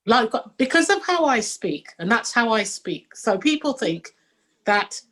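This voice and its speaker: A British woman with a high voice talks on a relaxed panel show. She is an animated storyteller and slips into the voices of people she quotes. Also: a little slow. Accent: British English. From England. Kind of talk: casual panel chat.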